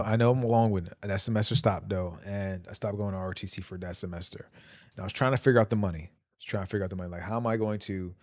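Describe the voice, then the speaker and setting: A man's voice: fairly low pitch, a little mellow, no echo, clean studio sound. Slangy young man telling stories. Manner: loose, slangy, rambling, laughs often. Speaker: streamer. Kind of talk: casual storytelling stream. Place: home.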